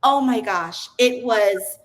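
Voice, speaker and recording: A woman's voice: fairly high pitch, takes it slowly, rough recording. A woman, a podcast guest, telling her personal story in an earnest, open way, often restarting her sentences.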